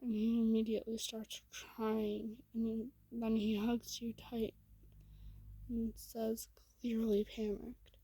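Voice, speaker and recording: Woman storyteller, whispered role-play; breathy, slow, flat delivery. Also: fairly high pitch, dry recording, poor audio. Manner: soft, hushed and slow, with small slips.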